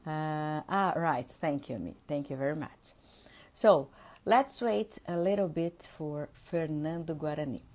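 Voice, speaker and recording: Slow-speaking Brazilian woman host. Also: sits low, warm tone. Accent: Brazilian Portuguese. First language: Portuguese. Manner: slow, unhurried speech with trailing fillers. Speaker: English teacher and live host. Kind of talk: live-stream chat, speaking English.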